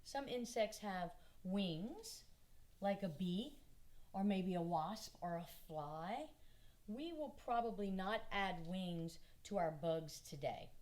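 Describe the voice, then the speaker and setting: A woman's voice: medium pitch, expressive, darkish tone. A woman with a Southern US accent, leading a kindergarten drawing lesson as an art teacher, patient and encouraging. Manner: patient, encouraging, speaks slowly to small children.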